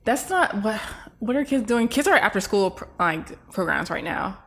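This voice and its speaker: A woman in her thirties co-hosting a podcast, chatting in an animated way, full of "like" and quick to laugh. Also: medium pitch. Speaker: podcast co-host. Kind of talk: casual chat recapping a TV show.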